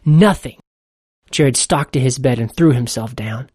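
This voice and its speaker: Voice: medium pitch, moderate pace, a little mellow, breathy edge, no room sound, studio quality. Earnest storybook narrator.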